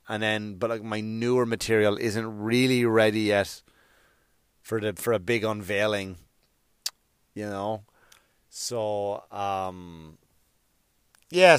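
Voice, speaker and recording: A man's voice: lowish voice, smooth, dry recording, studio quality. A male stand-up comedian talking in a casual, rambling monologue, swearing often and restarting his sentences. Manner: profane, rambling, with frequent restarts.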